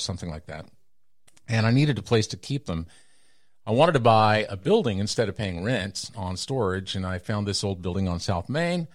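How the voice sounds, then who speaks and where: Middle-aged Texan man, low voice, dry close mic, animated storyteller who acts out other people's lines. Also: dry recording. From Texas. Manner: animated, acts out quoted voices with big pitch jumps. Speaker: guest storyteller. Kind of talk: casual storytelling interview.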